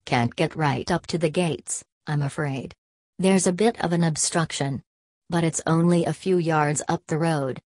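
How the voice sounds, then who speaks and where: A woman voicing a gruff but kindly male London cab driver who talks in a blunt, matey way. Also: deep voice, unhurried, darkish tone, no echo. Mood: businesslike.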